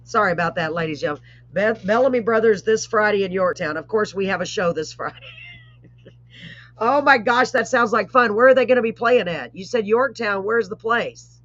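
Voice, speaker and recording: A woman hosting a live online show, chatting casually with rambling asides and warm blessings. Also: mid-range voice, brisk, no echo. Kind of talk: casual live-stream chat. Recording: dull lo-fi stream audio.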